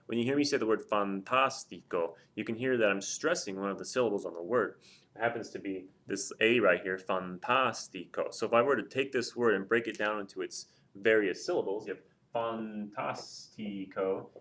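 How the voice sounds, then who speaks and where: Casual, lower-pitched male teacher. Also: fairly bright tone. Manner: casual, with frequent ums and repeated example words. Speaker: Spanish teacher. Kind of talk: classroom-style explanation at a board.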